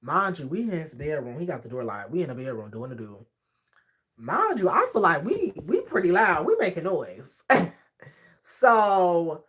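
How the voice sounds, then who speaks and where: A man chatting on his livestream, spinning a story with plenty of sass. His pitch swings up and down as he talks. He acts out other people's lines as he goes. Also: moderate pace. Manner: sassy, animated, acts out quoted voices.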